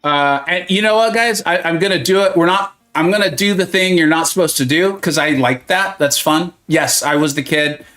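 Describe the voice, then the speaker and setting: Guy streaming a game, jokey and sarcastic, kinda high voice, chatting to viewers. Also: normal speed, few pauses, fairly bright tone, soft background music. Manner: joking, self-mocking, chats to viewers. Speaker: gaming streamer. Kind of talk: casual live-stream commentary.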